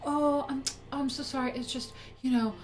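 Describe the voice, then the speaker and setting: A woman's voice: sits high, fairly even intonation, normal speed, darkish tone, pitched above the performer's own voice, natural voice. A woman mimicking a flustered, apologetic neighbor mother who keeps making whiny excuses.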